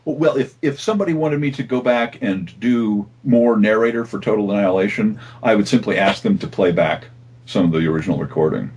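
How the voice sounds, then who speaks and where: A middle-aged man, a voice actor, chatting casually in an interview, animated and laughing often. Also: lowish voice, a little fast, breathy edge. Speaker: voice actor guest.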